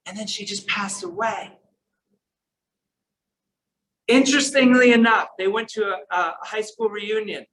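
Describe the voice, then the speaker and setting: A man giving a storytelling speech at a conference, earnest, sometimes soft and sometimes emphatic. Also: sits high, measured pace, long pauses, rough recording. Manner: earnest, shifts between soft and emphatic delivery. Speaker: keynote speaker.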